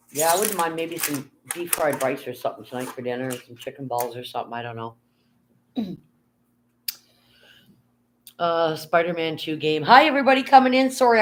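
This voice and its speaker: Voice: mid-range voice, big pitch swings, normal speed, long pauses, a little hiss or hum. A live streamer in casual chat, rambling and reading viewer comments aloud, talking from bed into a phone held in hand. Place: at home, lying in bed.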